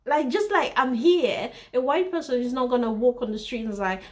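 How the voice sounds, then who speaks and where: A woman's voice: fairly high pitch, brisk, few pauses, a little mellow. A young woman from Zimbabwe telling a personal story to camera in a blunt, emphatic way, repeating her points for stress. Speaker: vlogger.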